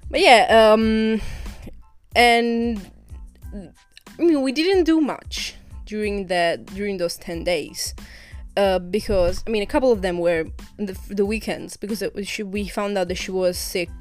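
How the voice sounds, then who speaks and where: A woman's voice: mid-range voice, unhurried, faint music behind. Chatty Italian-raised young woman podcaster. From Italy. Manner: chatty, rambling, with frequent restarts and laughs. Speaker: podcast host. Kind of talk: casual solo podcast chat.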